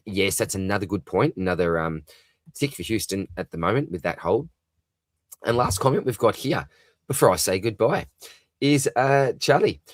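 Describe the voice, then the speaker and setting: A deep-voiced Australian man hosts a relaxed live talkback, reading out viewers' comments and answering each one with easy chatter and plenty of "mate". His low voice is recorded close and dry, with no room sound around it. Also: no room sound. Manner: chatty, reads viewer comments aloud and answers them, says "mate" often. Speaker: livestream host. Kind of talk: casual live talkback chat.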